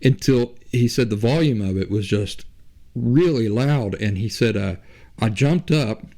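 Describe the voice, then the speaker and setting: A man's voice: lowish voice, measured pace, mellow. A man hosting a podcast, telling a story in a loose, chatty, conversational way. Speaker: podcast host. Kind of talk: casual spoken storytelling.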